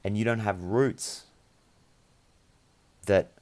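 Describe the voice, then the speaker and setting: A man's voice: lowish voice, very slow, darkish tone. Earnest young man giving a spiritual tarot reading. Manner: earnest, meandering, encouraging. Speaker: tarot reader.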